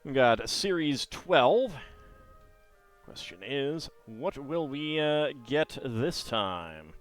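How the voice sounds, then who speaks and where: A man's voice: mid-range voice, animated, drawn-out words, soft background music. A man streaming live, thinking aloud in hesitant, rambling commentary.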